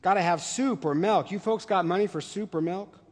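A man reading as a croaking, starving farm boy. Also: high-pitched, moderate pace, long reverb tail. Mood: desperate. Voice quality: croaking monotone.

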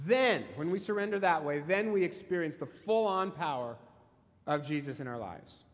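Male pastor preaching in a big echoey hall, high voice, asks the crowd questions. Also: expressive, brisk. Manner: emphatic storytelling with rhetorical questions. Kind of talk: sermon.

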